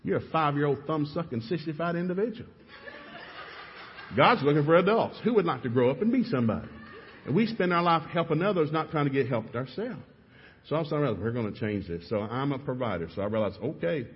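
A middle-aged man preaching a sermon, telling lively stories and acting out his own outbursts. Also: on the high side, a little fast, a little hiss or hum. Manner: animated storytelling with shouted re-enactments. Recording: echoey hall, dull lo-fi sound.

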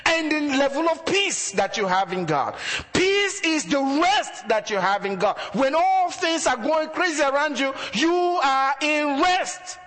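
A man's voice: very high voice, big pitch swings, measured pace, few pauses, a bit bright, in a large hall. A man preaching a sermon as a pastor, building emphasis through repeated phrases.

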